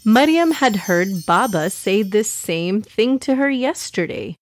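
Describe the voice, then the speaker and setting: Gentle woman narrator for kids' stories, slow and expressive, dry close sound. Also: mid-range voice, dry recording. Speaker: storyteller. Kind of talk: children's story narration.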